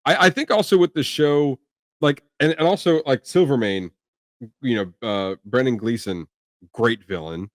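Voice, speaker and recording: A man's voice: mid-range voice, normal speed, no room sound, studio quality. A young man co-hosting a film review podcast, chatting casually and rambling with plenty of fillers. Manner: rambling, lots of "like" and restarts. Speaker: podcast co-host.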